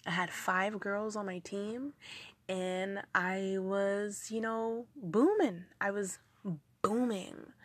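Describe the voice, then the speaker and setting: Slow, earnest motivational woman. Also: medium pitch, flat delivery, a bit bright, no room sound. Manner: earnest, repetitive, emphatic. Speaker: motivational speaker. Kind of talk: motivational talk.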